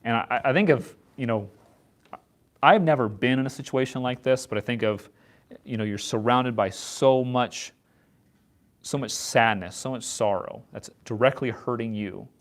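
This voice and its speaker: A man leading an informal Bible study, talking in a halting way and often repeating words as he restarts his sentences. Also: mid-range voice. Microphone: set up far from the speakers.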